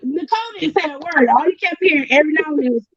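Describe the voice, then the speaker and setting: A woman hosting a podcast in casual chat, telling an animated story, acting out what others said and swearing freely. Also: sits high, rapid-fire, no room sound, lo-fi sound. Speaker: podcast host.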